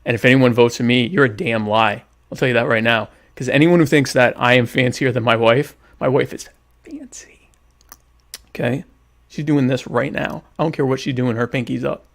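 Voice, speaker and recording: Gravelly-voiced man, joking host. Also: medium pitch, fairly even intonation, fairly quick, few pauses. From United States. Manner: joking, mock-indignant, reads chat comments aloud. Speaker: podcast host. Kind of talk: casual live-stream chat.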